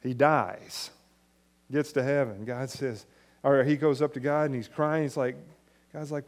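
A male pastor preaching a sermon in a conversational way, rising to emphatic points and dropping soft and low. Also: fairly even intonation, measured pace.

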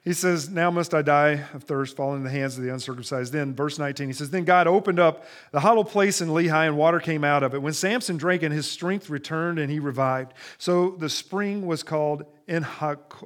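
A middle-aged male pastor delivers a sermon in a slightly high voice. He drops into quiet, conversational asides, then climbs loud and animated when reading scripture.

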